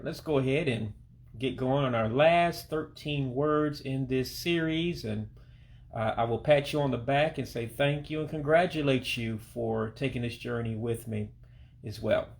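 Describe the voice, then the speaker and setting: A man from Alabama, teaching a language lesson as a voice-over and patiently repeating each word slowly. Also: mid-range voice, creaky. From Alabama, United States. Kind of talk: self-recorded language lesson. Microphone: voice-over to pictures and on-screen text.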